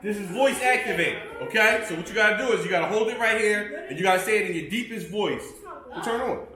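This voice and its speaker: A man's voice: high-pitched, animated, quick pace, crowd noise. A man teaching a class, demonstrating a tool and playfully coaxing students, repeating his instructions with a teasing touch. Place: school workshop classroom full of students. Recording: echoey room, far from the mic, students chattering.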